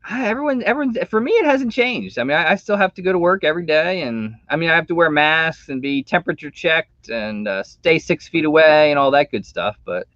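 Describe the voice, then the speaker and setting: A man hosting a casual live stream, chatting in a relaxed, rambling way. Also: a little high, a little fast, few pauses, no room sound. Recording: dull dry home mic sound.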